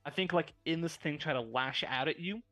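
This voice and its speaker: A man narrating as game master, chatty and relaxed, with a lot of filler words. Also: fairly high pitch, brisk, dry recording, soft background music.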